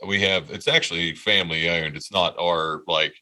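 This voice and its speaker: Podcast co-host, male, 30s: low and forceful voice, rambling profane storytelling. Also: steady tone, normal speed. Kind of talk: casual storytelling chat.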